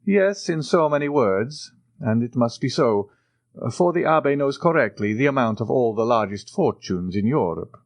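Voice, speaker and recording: A man voicing a composed count who speaks in a measured, assured way. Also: medium pitch, expressive, dry recording, pitched above the performer's own voice, natural voice.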